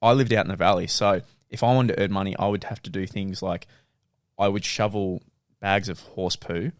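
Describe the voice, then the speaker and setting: A man's voice: sits low, moderate pace, no echo, clean studio sound. A young man, chatting as podcast co-host, telling stories with plenty of laughter. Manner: animated storytelling, laughs a lot. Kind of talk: casual chat.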